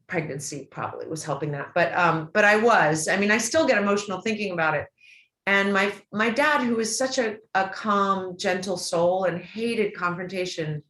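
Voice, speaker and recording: A woman's voice: medium pitch, fairly bright tone. Earnest middle-aged woman, echoey room. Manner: emotional, earnest, halting with many restarts. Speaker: interview guest. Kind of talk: personal storytelling in an interview. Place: event stage or hall.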